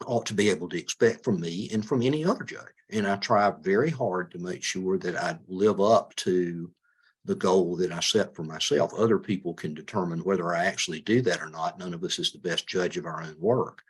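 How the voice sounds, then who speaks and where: Deep husky man, halting careful speech. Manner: measured, often stumbles and repeats words. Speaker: judicial candidate. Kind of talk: interview answers.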